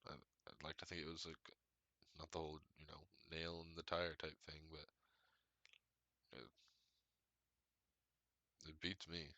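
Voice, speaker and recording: Podcast host, male, rambling and profane, very deep, dry close sound. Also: flat delivery, a little slow, pauses often, pushed and bright, dry recording. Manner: profane, rambling, laughs often. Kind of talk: casual storytelling monologue.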